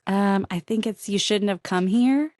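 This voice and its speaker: A woman's voice: mid-range voice, a little slow, a little mellow, no echo, studio quality. A woman who runs a bookstore, chatting on a podcast as a guest and laughing often. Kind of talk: casual podcast chat.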